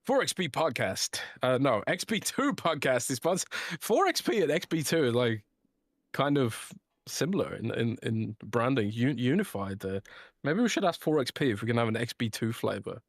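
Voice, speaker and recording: This is a man co-hosting a casual gaming podcast, with a very lively, up-and-down delivery. He jokes around and swears freely, even in the middle of a sponsor read. The sound is dry and close, with no room around it. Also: medium pitch, normal speed, no echo. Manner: joking, swears freely, laughs a lot. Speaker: podcast co-host.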